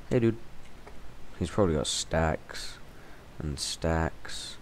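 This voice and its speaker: A man talks through a video game in a deep, low voice and an unhurried delivery. He chatters casually and bursts into sudden exclamations. There is a faint hiss of noise behind him. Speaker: gaming channel host. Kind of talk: gameplay commentary. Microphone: temporary stand-in mic.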